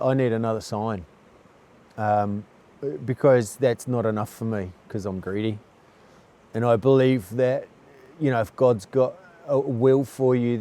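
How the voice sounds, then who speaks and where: A man's voice: medium pitch, mellow. A man vlogging, telling a personal story in a chatty, earnest way and often calling the listener "mate".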